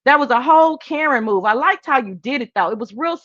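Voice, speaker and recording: A woman hosting a casual livestream chat and reading viewer comments. She talks in an animated, emphatic, sassy way, swinging between high exclamations and low asides. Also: a little fast, dry recording, dull audio. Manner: sassy, talks straight to viewers as "girl" and "child". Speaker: livestream host.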